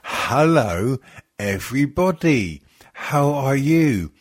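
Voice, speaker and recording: A man's voice: medium pitch, very animated, slow, faint music behind. A man hosting a podcast, joking and swearing, tired, with lots of ums. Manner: swearing, joking, rambling with many fillers. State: tired and yawning. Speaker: podcast host. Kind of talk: crude casual podcast chat.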